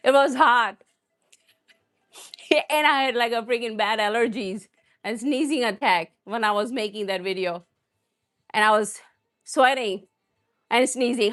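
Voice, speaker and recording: A woman's voice: a little high, measured pace, pauses often, a bit bright. Chatty woman hosting a cooking livestream. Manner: chatty, rambling, talks straight to viewers. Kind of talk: live stream chat.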